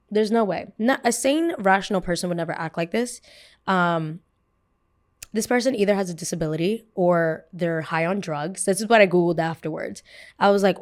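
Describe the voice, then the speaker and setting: Animated woman telling a podcast story. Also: lowish voice. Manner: animated, fast, full of "like". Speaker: podcast host. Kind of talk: casual storytelling.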